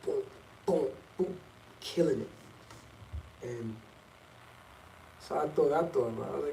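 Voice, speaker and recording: Middle-aged man, rambling slangy storytelling, mellow slightly high voice, echoey room, distant from the mic. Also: measured pace, creaky, pauses often, slight background noise. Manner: loose and rambling, slangy, jumps between topics. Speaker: vlogger. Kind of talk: casual storytelling monologue.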